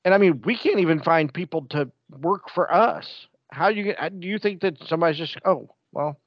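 A man who drives a bus, chatting casually and telling stories with jokes and lively quoted asides. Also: on the high side, brisk, no echo, muffled recording. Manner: joking, animated storytelling. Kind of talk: casual chat.

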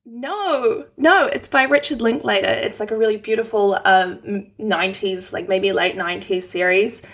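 A woman's voice: medium pitch, moderate pace. A woman, a giggly, self-deprecating podcast guest in casual chat.

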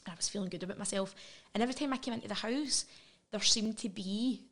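A middle-aged woman with a Scottish accent speaks openly as a podcast guest. She is earnest and direct, with quick asides and the odd laugh, and her pitch sits in an ordinary middle range. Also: a bit bright. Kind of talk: candid personal interview.

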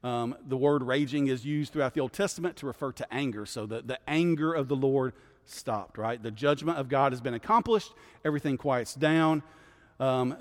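Male pastor, mid pitch, conversational bible teacher, reverberant hall sound. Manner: conversational, keeps asking "right?". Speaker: guest pastor.

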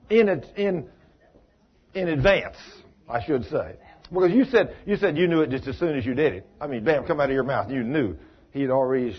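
Man leading a casual Bible study, slightly high and husky, chatty and questioning, muffled recording. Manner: folksy, addresses listeners by name, asks them questions. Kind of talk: informal Bible study teaching. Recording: dull lo-fi recording.

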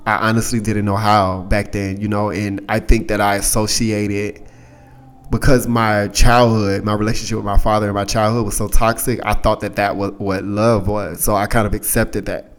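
A young man with a fairly low voice tells a story from his own life on his podcast. He talks in a loose, candid way and swears freely. His voice gets livelier when he acts out what other people said. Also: moderate pace. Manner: candid, profane, animated when quoting others. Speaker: podcast host. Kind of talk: casual storytelling.

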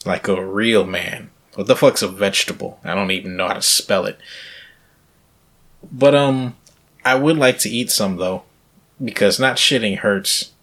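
A man co-hosting a podcast in casual chat, telling a rambling, crude story with deadpan jokes. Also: fairly low pitch, normal speed, pauses often. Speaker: podcast co-host.

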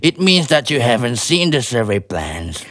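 A man's voice: mid-range voice, big pitch swings, normal speed, a bit bright, dry recording. A man playing a stammering old landowner. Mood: flustered. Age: older. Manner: stammering, repeats "and so on". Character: older male landowner, blustering and stubborn. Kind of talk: amateur stage play reading.

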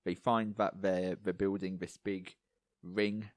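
Low-voiced man, chatty and losing his voice. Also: flat delivery, takes it slowly, dry recording. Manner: chatty, rambling, lots of fillers. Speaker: podcast co-host. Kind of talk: casual chat.

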